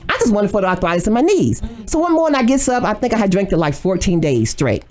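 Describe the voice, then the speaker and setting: A woman guest on a radio talk show, telling her story with lively animation and acting out what she said. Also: mid-range voice, fast. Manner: animated storytelling, acts out her own quotes. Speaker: guest, organic cafe owner. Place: radio studio.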